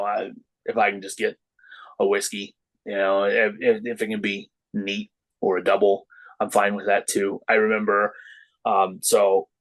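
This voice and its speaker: A middle-aged man, a wrestler guesting on a podcast, chatting casually and acting out the voices in his stories. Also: poor audio. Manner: storytelling, acts out quoted voices with lively pitch jumps. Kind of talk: casual chat.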